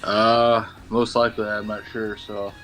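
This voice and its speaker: Slow-talking low-voiced Mexican-accented man. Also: level tone, bright, forceful tone, faint music behind, rough recording. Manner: stumbles over names, swears casually. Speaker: guest. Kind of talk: casual chat reading history facts.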